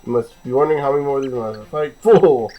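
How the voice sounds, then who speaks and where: A gamer voicing a gate guardian who mocks the player in a hushed manner. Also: medium pitch, fast, highs cut off, soft background music, lightly acted. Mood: taunting. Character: taunting male gate guardian fighter.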